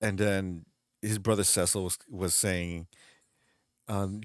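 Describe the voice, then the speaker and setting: A man's voice: low-pitched, little pitch movement, a little slow, pauses often, dry recording, clean studio sound. A man hosting his channel in casual chat, rambling, laughing often and restarting sentences. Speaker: channel host.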